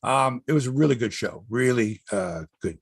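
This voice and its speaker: A man's voice: medium pitch, expressive, moderate pace, husky, no room sound. A man hosting a sports podcast, telling rambling, profane stories in casual chat.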